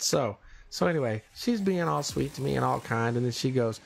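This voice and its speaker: Man, gravelly, livestream host; teasing and indignant rant. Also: medium pitch, animated, moderate pace. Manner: ranting, teasing, exaggerated indignation.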